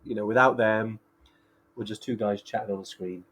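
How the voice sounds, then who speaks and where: A man's voice: on the low side, steady tone, moderate pace, a bit bright. A Welsh man co-hosting a casual live-stream chat, chatty and laughing often, with plenty of fillers. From Wales. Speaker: co-host.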